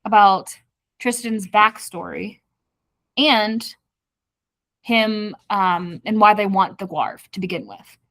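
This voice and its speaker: A woman's voice: medium pitch, slow pace, long pauses, a bit bright, no echo. A woman co-hosting a casual book club podcast, animatedly retelling the plot and acting out the characters' lines. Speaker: podcast co-host.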